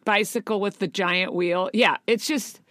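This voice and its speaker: A woman's voice: mid-range voice, fairly even intonation, a little slow, fairly bright tone, no room sound, clean studio sound. A woman co-hosting a casual podcast, talking about comics, often searching for words and trailing off mid-sentence. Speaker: podcast co-host. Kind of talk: casual chat.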